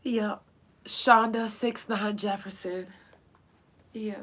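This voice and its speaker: A woman hosting a solo podcast, speaking in a halting, tearful way and pausing often to collect herself, with speech. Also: mid-range voice, fairly even intonation, a bit bright. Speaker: podcast host. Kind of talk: emotional solo podcast remembrance.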